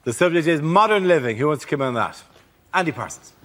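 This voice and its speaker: A man hosting a comedy panel show, announcing topics and calling on guests in a brisk, upbeat way. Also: fairly high pitch, animated, a bit bright.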